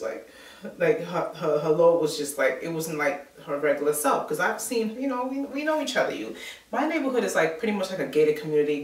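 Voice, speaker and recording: Chatty New woman in a roomy space. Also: low voice. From New York. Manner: chatty storyteller, many filler words. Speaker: vlogger. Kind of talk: casual chat. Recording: roomy sound from a distant mic.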